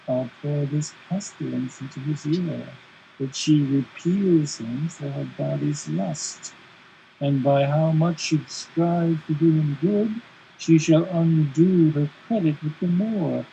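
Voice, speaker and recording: A man reading a scheming male villain aloud in a hushed, conspiratorial voice, for an amateur play read over a video call. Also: on the high side, slow pace, gravelly, slight background noise. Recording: dull lo-fi video call audio.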